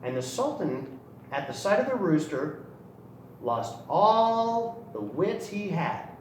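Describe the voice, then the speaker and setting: Animated man reading to kids. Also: high-pitched, slow. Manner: animated, expressive storytelling. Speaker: storybook reader for a kids' outreach channel. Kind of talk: children's story reading. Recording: roomy echo, distant mic, faint noise.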